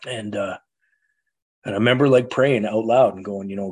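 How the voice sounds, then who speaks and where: A man's voice: on the low side, moderate pace, long pauses, slightly rough. A middle-aged man from Canada telling his recovery story in an earnest, frank way. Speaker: guest speaker sharing recovery story. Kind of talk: personal testimony.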